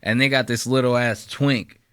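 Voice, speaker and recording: Bright, crude-mouthed man riffing on clips. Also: medium pitch, steady tone, moderate pace, clear, resonant tone, no echo, studio quality. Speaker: podcast host reacting to clips. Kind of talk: profane comedic commentary.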